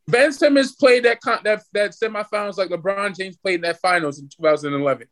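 A man in his twenties hosting a podcast, ranting excitedly and swearing freely in casual sports chat. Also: high-pitched, fairly quick. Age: 20s. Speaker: podcast host.

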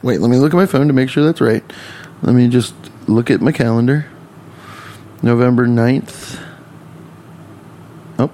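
A man's voice: medium pitch, darkish tone. Rambling joking man comic. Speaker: comedian. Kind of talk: rambling casual vlog.

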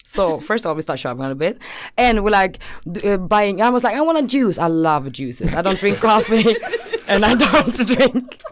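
A woman's voice: mid-range voice, normal speed. A young adult woman telling a travel story on a podcast in casual chat, laughing often and acting out the voices in her anecdotes. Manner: laughs often while talking, animated retelling with quoted voices. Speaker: podcast guest host.

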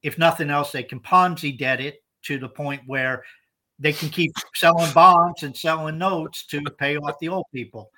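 Male podcast co-host, fairly high, bright tense voice, emphatic explainer. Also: fairly even intonation, normal speed. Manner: explanatory, emphatic, repeats words when starting over. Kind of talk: casual podcast discussion.

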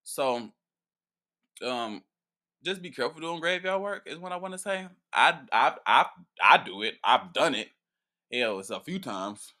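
Bright-voiced man in profane casual chat. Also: mid-range voice, a little slow. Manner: profane, playful and animated, with frequent laughs and restarts. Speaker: priest answering viewer questions.

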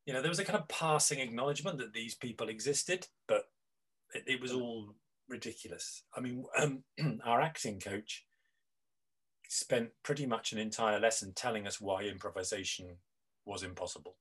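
A man's voice: medium pitch, moderate pace, fairly bright tone, slightly rough, low-quality recording. A middle-aged man, a guest on an interview, talking reflectively with many restarts and fillers. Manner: rambling, with frequent restarts and fillers. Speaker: guest, improv teacher.

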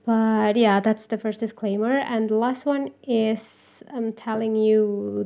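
Slow, gravelly-voiced Indonesian woman podcasting. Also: a little high, fairly even intonation, warm tone. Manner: rambling, self-deprecating, frequent ums. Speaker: podcast host. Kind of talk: casual solo podcast monologue.

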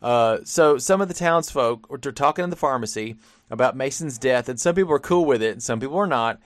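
A man co-hosting a podcast, retelling a film's plot in a rambling way with quick acted-out quotes. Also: mid-range voice, no echo, clean studio sound. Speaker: podcast co-host. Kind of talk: casual plot recap.

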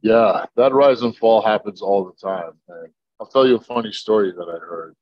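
A man from Egypt, a podcast guest, telling stories in a lively way, laughing and swearing freely. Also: fairly low pitch, normal speed, dry recording, muffled recording. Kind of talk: casual podcast chat.

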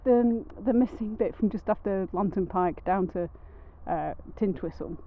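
A woman's voice: mid-range voice, measured pace. Wry rambling woman podcasting outdoors. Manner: rambling, wry and self-mocking. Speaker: podcast co-host. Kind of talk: casual outdoor podcast chat. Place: outdoors, sitting on a rock in the hills. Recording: narrow phone-like sound with faint noise.

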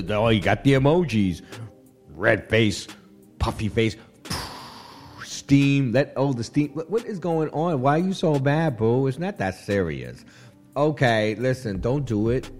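Playful radio host man, lively pitch. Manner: playful, laughing often, rambling asides. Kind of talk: casual radio chat.

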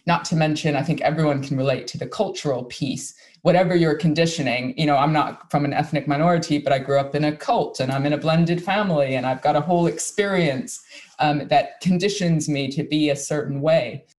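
An interview host talking in a lively, chatty way, sharing personal anecdotes before asking questions. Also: mid-range voice, a little fast. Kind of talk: casual interview talk.

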